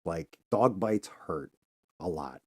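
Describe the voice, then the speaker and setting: A man's voice: low voice, animated, takes it slowly, warm tone, husky, dry recording, studio quality. A man hosting a casual chat, laid-back and candid, swearing freely. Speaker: host.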